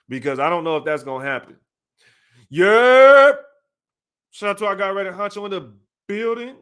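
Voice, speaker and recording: A man hosting a live sports stream, talking casually in slang and calling out viewers by name. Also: a little high. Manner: animated, repetitive, slangy, talks to chat by name. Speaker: sports channel host.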